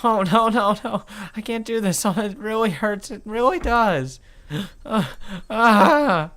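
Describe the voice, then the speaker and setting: A man's voice: medium pitch, racing, clean tone, lightly acted. A man voicing a teenage girl being tortured, screaming, pleading and sobbing. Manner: shrieking, pleading, breaking into sobs.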